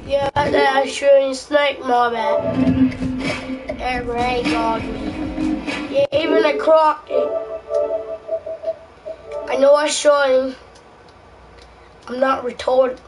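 A gameplay commentator talking in a halting, excited way, often yelping and shouting at the game. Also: high-pitched, poor audio. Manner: loud, yelps and shouts at the game. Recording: music playing loudly behind. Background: loud music.

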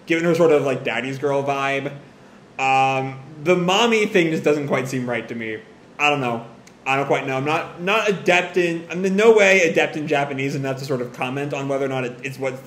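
A man hosting a live manga reading reaction, talking casually, animated and exasperated, swearing often. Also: fairly high pitch. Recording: echoey room, faint hiss.

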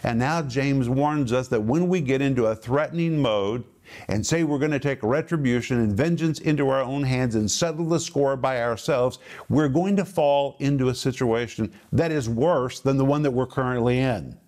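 A middle-aged man teaching the Bible on television. He hammers his points home by repeating short phrases. He draws out the key words slowly. His pitch sits in an ordinary middle range for a man. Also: a little mellow.

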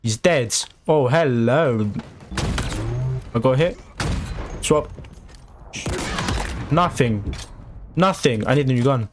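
A young man, excitedly commentating his own gameplay and trash-talking opponents. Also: medium pitch, slow, long pauses, noisy background. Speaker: gamer. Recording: game music in background.

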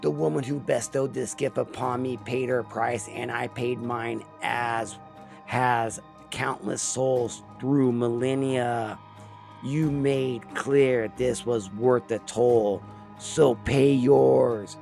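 Stern cult leader, played by a man, commanding, gravelly, slow. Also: medium pitch, steady tone, a little mellow, soft background music.

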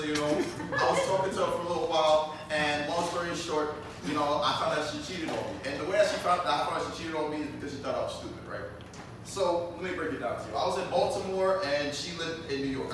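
A young man from Jamaica works through a stand-up set, rambling through his stories with plenty of fillers. His voice sits a little high. He is picked up from a distance in a very echoey club, with clear room noise underneath. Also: fast. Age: 20s. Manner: loose, chatty storytelling with lots of fillers. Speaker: stand-up comedian. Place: comedy club stage.

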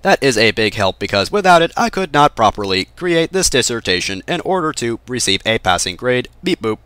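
A man narrating his playthrough of a game with a sarcastic, joking edge, talking back at the characters. His pitch swings widely as he reacts. The sound is dry and close, with no room around it. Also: very animated, a little fast, a bit bright, clear, resonant tone, no echo. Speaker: let's play host. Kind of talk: gameplay commentary.

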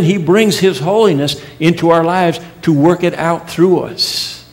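A middle-aged male pastor preaching a sermon in earnest, with emphatic rising peaks, soft drops and casual folksy asides. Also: a little high, moderate pace, few pauses. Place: church sanctuary.

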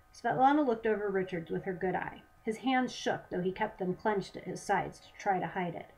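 A woman's voice: mid-range voice, moderate pace, vocal fry, hardly any pauses, a little mellow, rough recording. Woman author reading her novel aloud.

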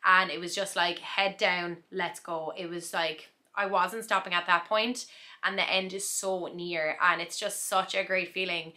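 A woman's voice: on the low side, fairly even intonation, moderate pace, sharp tone. A young woman chatting in a casual vlog, recapping her day in a reflective, talkative way with frequent laughs. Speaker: vlogger.

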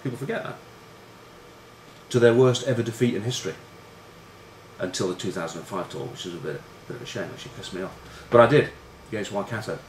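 A man's voice: on the low side, expressive, fast, pauses often. A middle-aged man, a former rugby player, telling stories casually, self-deprecating and swearing, with lots of fillers. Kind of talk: casual storytelling. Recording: roomy room echo with faint noise.

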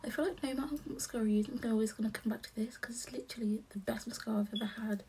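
Chatty young woman, gravelly. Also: a little high, racing, a little hiss or hum. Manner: soft, often half-whispered, chatty. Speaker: vlogger. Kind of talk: casual chat while doing makeup.

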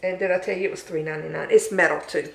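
A Southern woman chats in a relaxed, homey way, her voice sitting on the lower side. She talks casually to her viewers about her finds. The room around her rings with echo. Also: very fast, vocal fry, very noisy. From Southern United States. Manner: chatty, homey, laughs at herself. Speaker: thrift haul vlogger. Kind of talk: casual show-and-tell chat. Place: home dining room.

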